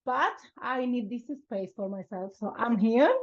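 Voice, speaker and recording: A woman joining an online group session who has not slept in days, talking slowly and tiredly. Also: fairly high pitch, dull audio. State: exhausted. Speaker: session participant.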